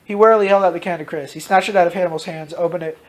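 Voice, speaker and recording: A man casually reading out his own story, dropping into loud voices for its characters. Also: high voice, steady tone, rapid-fire. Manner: switches into loud shouted character lines, swears freely.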